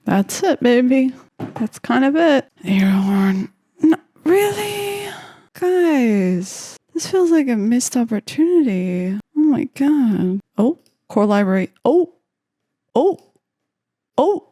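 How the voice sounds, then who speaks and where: A young woman talks her way through making a beat at home, chatty and giggly, half to herself and half to viewers. She speaks at an unhurried pace in a mellow, darker tone. The recording is close and dry. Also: on the high side, animated, no echo. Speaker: beatmaker making a track on camera. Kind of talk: casual chat while making music.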